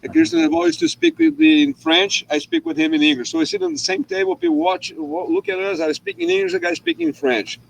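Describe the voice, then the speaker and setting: Animated man chatting. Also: extremely high pitch, fast talker, gravelly, few pauses, rough recording. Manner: animated storytelling with frequent restarts. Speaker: host. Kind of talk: casual live chat.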